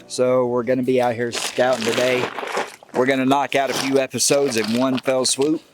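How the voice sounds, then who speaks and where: A man with a medium-pitched, flat voice hosts an outdoor hunting and fishing show, rambling and joking at a normal speed while cold and shivering beside a creek. It's casual outdoor vlog talk, recorded at low quality over music.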